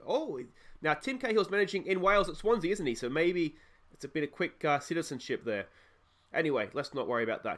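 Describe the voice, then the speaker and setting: A young Australian man with a hoarse voice from a cold, casually commentating his football management game and rambling between bursts of excitement when his team scores. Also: medium pitch. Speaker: let's play host.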